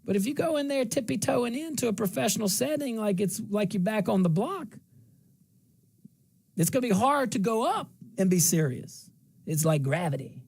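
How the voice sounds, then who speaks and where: A man's voice: high voice, animated, moderate pace, creaky, darkish tone, breathy edge. A middle-aged man from central Louisiana with a slight twang, hosting a talk show in a folksy, rambling monologue that repeats phrases for emphasis.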